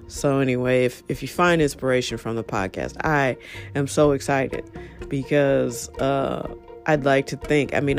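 A woman with a bass, gravelly voice hosts her own podcast, delivering a casual solo monologue into her phone. She's frank, rambling and chatty, with self-deprecating laughs.

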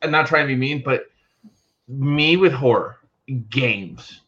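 A man's voice: medium pitch, takes it slowly. A man co-hosting a podcast, telling stories animatedly and acting out the people in them. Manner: animated storyteller, acts out quotes loudly. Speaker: podcast co-host. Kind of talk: casual chat. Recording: dull lo-fi sound.

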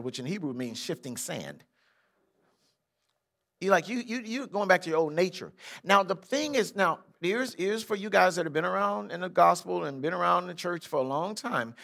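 An older man, a bishop, preaching a lively sermon and acting out Bible figures in street slang. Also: high-pitched. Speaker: pastor. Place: church sanctuary.

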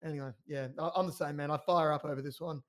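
Fired-up man, fairly high voice. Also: fairly even intonation, fast, fairly bright tone. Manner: fired-up, loose talk full of "mate" and "man". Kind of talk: casual podcast chat.

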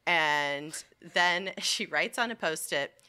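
A young woman chatting casually as a podcast co-host, telling a story in an animated way, swearing freely and acting out what people said. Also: sits low, slow pace, clear, resonant tone. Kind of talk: casual chat.

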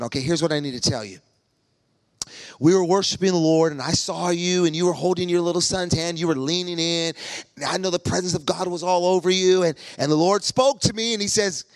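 Preacher, man, fairly high gravelly voice, lively comic storytelling, dry close sound. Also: fairly quick, no echo. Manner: animated, acts out every voice in his stories.

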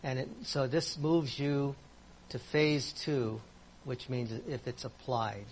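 A man's voice: medium pitch, takes it slowly, a little mellow, a little hiss or hum. A man teaching a Bible class in a conversational way, asking his listeners questions as he explains verses.

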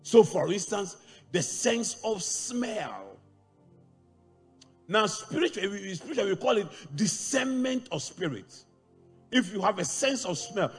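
A man preaching a sermon to a congregation, animated and rising into shouts. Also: high-pitched, slightly rough. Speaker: pastor. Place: large church hall. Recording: church hall reverb with faint music.

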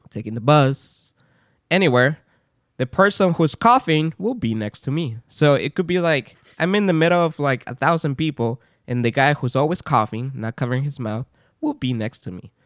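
Male podcast co-host, mid-pitched, excitable rambling anecdotes, dry close sound. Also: dry recording. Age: adult parent. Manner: animated rambling storyteller, swears casually. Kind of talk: casual chat.

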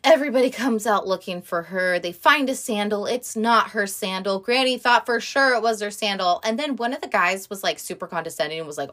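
A woman's voice: medium pitch, a little fast, few pauses, sharp tone. Chatty woman retelling a film, swearing freely. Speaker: movie recap vlogger.

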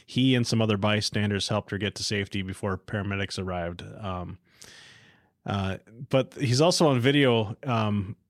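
A man's voice: on the low side, normal speed, dry recording, studio quality. A man hosting a casual podcast, easygoing and telling news items conversationally. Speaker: podcast host. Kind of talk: casual chat.

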